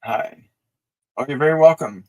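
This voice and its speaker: A man hosting a live stream of spiritual guidance, talking softly and slowly as he leads breathing exercises and answers viewer messages. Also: mid-range voice, rough recording. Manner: soft, slow, soothing guided instructions; reads viewer messages aloud and answers them. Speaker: psychic reader and host.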